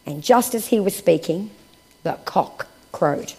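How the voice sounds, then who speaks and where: A woman preaching a sermon and reading scripture aloud, her voice lifting for emphasis and then dropping to hushed, slow phrases. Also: fairly low pitch, lively intonation, breathy edge.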